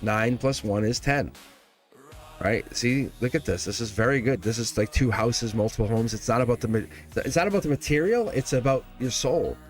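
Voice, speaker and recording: A man's voice: mid-range voice, lively intonation, normal speed, soft background music. A man hosting a live tarot reading in casual spiritual talk, rambling and repeating phrases, chuckling often. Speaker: tarot reader livestream host.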